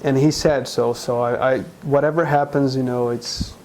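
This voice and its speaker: A man from Brazil, a guest in an interview, speaking earnestly and haltingly, with frequent restarts. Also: mid-range voice, steady tone, a little mellow, slight background noise, low-quality recording. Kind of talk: conversational interview.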